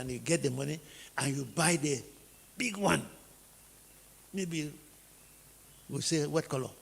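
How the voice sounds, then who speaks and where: Nigerian man, sermon-style teacher, rough husky voice, fairly high, booming reverb of a big hall. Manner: rhetorical questions, emphatic repeated phrases. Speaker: teacher preaching on family life.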